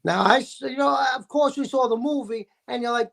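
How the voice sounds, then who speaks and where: A man's voice: extremely high pitch, brisk, creaky, hardly any pauses, fairly bright tone. A man talking as a guest in a casual chat, telling an enthusiastic story.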